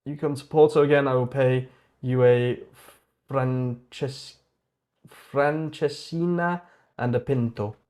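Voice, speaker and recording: An eager, friendly male viewer chats in a thick, exaggerated Italian-style accent, as a man puts it on. The delivery is slow and drawn out, a little higher and louder than a plain speaking voice. The warmth is laid on thick and playful. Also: fairly even intonation, close to an everyday voice.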